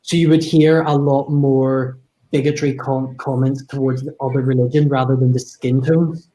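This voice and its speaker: A young man with a Northern Irish accent talks as a podcast guest. His voice is mellow and mid-pitched. He speaks reflectively, hesitating and restarting as he works through his thoughts. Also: level tone, moderate pace, low-quality recording. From Northern Ireland. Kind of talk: casual discussion.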